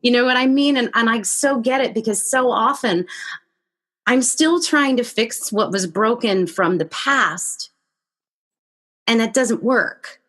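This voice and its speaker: A woman hosting a podcast interview, telling a story in a lively conversational way and acting out her own reactions. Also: a little high, unhurried. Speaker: podcast host.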